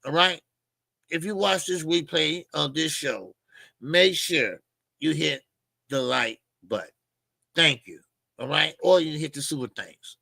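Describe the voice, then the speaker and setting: Gravelly, bright-voiced man telling boxing gossip. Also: a little high, measured pace, pauses often, no echo. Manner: animated, acts out quotes with loud outbursts. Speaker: boxing channel host. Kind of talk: casual storytelling commentary.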